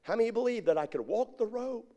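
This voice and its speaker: A man's voice: extremely high pitch, animated, quick pace, dark tone, dull audio, pitched above the performer's own voice. A man voicing a boastful tightrope walker who coaxes a crowd to trust him. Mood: coaxing. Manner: coaxing showman calls to the crowd.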